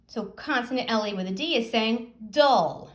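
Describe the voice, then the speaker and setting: A woman teacher giving a phonics lesson, sounding out words slowly and asking young pupils questions. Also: on the high side.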